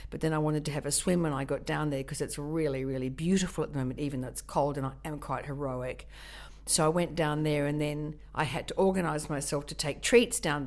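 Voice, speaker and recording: Low-voiced woman, rambling chat. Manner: rambling, animated storytelling. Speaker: podcast co-host. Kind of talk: casual chat.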